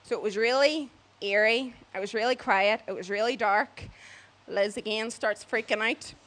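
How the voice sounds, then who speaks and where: A woman tells a story casually and lively, often acting out other people's voices and laughing as she goes. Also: a little high, normal speed. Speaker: storyteller on a church mission trip.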